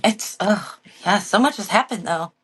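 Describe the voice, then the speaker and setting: A woman co-hosting a podcast, chatting casually about a reality show and acting out quotes in an animated way. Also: mid-range voice, normal speed, husky. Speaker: podcast co-host.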